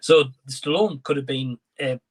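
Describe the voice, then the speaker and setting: Husky-voiced young man discussing a film. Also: medium pitch, measured pace. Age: young adult. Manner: hesitant, thinks aloud with fillers. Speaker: co-reviewer. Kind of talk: casual movie discussion.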